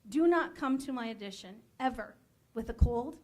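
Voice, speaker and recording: A high-pitched woman talks bluntly about auditions as a casting director. She is emphatic and frank, and she laughs often. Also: expressive, normal speed, darkish tone. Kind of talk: candid advice talk.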